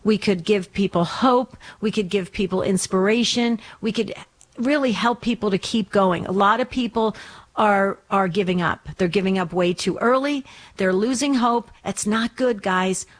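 A woman's voice: mid-range voice, moderate pace. A woman hosting a call-in radio program, speaking in an earnest and encouraging way. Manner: encouraging, earnest, warmly inviting. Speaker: radio show host.

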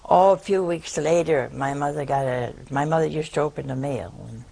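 A woman's voice: low voice, moderate pace, vocal fry, warm tone. An older woman, a nun, telling a humorous folksy story to an audience. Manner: humorous, folksy anecdote with laughs. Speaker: nun giving a talk.

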